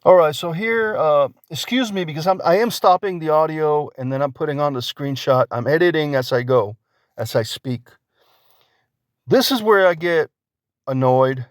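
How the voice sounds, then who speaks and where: A man's voice: fairly high pitch, normal speed, no echo, clean studio sound. A man hosting his own channel, ranting indignantly in a vlog and firing off repeated rhetorical questions while reading out screenshots. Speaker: YouTube channel host.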